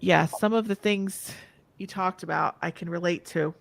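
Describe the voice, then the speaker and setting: A woman's voice: on the low side, steady tone, moderate pace, creaky. A woman hosting a podcast, talking in a chatty, open way with plenty of fillers as she asks long questions. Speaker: podcast host. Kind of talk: casual interview chat.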